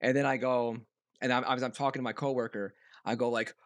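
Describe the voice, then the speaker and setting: A young man co-hosting a casual podcast, telling a rambling story full of restarts and loud mimicked voices. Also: mid-range voice, steady tone, quick pace, no echo, studio quality. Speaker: podcast co-host. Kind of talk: casual chat.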